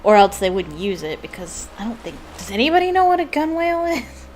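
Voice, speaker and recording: A woman's voice: medium pitch, sing-song, brisk, a little mellow, a little hiss or hum. A young woman casually commenting on a puzzle game, musing aloud and hesitant, with many fillers. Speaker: let's play gamer.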